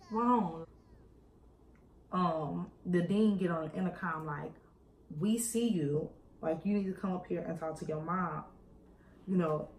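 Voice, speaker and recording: A young woman casually telling a personal story to her viewers as she does her makeup, playing out other people's lines in voices. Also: on the low side. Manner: animated, acts out quoted voices, addresses viewers as y'all. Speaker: beauty vlogger. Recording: echoey room with faint music.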